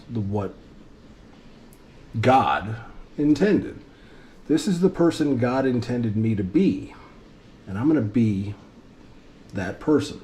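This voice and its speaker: A man's voice: lowish voice, warm tone, slight background noise. A middle-aged man, an airline pilot, talking earnestly and reflectively to his daughters in a loosely rambling vlog monologue.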